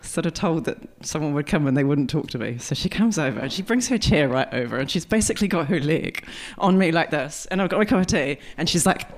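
A woman performing a storytelling stand-up set before a live audience, chatty and animated, quoting people in quick asides. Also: sits low. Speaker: stand-up comedian.

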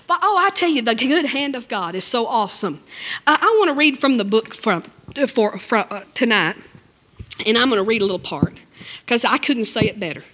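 A woman preaching a sermon and reading scripture aloud, emphatic and conversational, with her voice jumping up high on key phrases. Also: expressive, a little fast, fairly bright tone. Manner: conversational asides, 'you know'.

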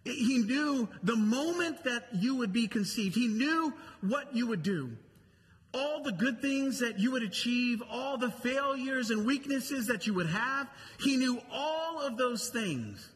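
A man's voice: extremely high pitch, expressive, unhurried, a bit bright, in a large hall. A male pastor preaching a sermon in a church auditorium, talking conversationally and repeating key phrases for emphasis.

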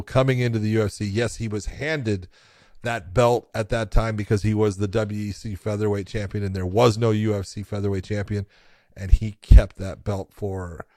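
Low-voiced emphatic podcast co-host man. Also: a little mellow, no room sound, studio quality. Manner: emphatic, enthusiastic praise. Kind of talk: casual podcast chat.

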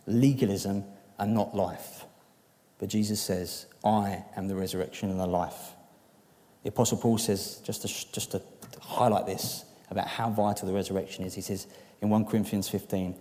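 Earnest preacher in a reverberant hall. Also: male voice, on the low side. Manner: earnest, building to emphatic peaks then softening to quiet, intimate appeals. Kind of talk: sermon. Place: church hall.

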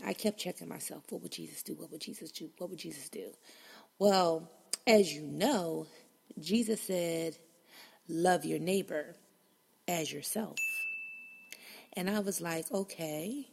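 A woman's voice: lowish voice, vocal fry, a little mellow, breathy edge. A woman hosting a podcast, telling a personal story in a casual, blunt and profane way and acting out her own reactions. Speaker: podcast host.

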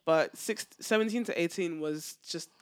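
A young woman co-hosting a podcast in casual chat, teasing and reacting loudly to stories. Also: on the low side, normal speed. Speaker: podcast co-host.

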